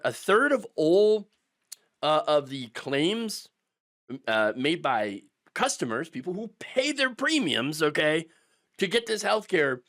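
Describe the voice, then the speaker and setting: A man's voice: sits high, a bit bright. A middle-aged man ranting through political commentary, sarcastic and mocking, sometimes putting on the voices of his opponents.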